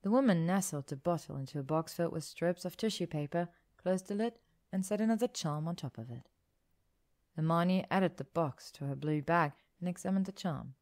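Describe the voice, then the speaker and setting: A woman narrating an audiobook story in a calm, even, descriptive manner. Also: on the low side, normal speed.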